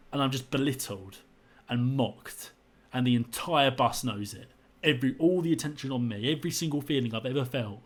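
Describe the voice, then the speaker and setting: A young man tells his own story in a frustrated, indignant way, often repeating himself. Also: mid-range voice. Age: young adult. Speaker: vlogger. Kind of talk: personal story to camera.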